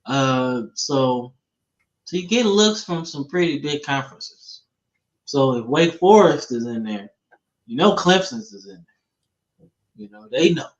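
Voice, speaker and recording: A man's voice: medium pitch, expressive, a little slow, long pauses. A man hosting a casual football talk show in a laid-back, slangy way, peppering his talk with "man" and "bro". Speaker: podcast host. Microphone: streaming setup, remote call. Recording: dull lo-fi stream audio.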